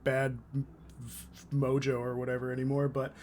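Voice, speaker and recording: A man's voice: medium pitch, monotone, normal speed, darkish tone. A young man from Canada, hosting a casual podcast, joking around and laughing often as he acts out silly voices. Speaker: podcast host.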